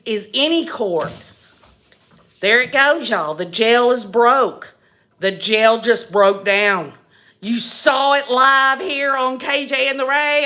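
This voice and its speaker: A woman with a high, bright voice delivers a satirical monologue in character, mocking and sarcastic throughout. She speaks slowly and lets each crude aside land. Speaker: host of a satirical channel.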